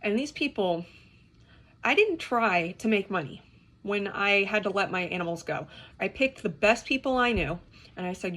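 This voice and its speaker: A woman's voice: mid-range voice, expressive, moderate pace, fairly bright tone. A young woman rants to the camera about keeping reptiles. She swears, restarts her sentences and sounds exasperated. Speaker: reptile keeper. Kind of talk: ranting to camera.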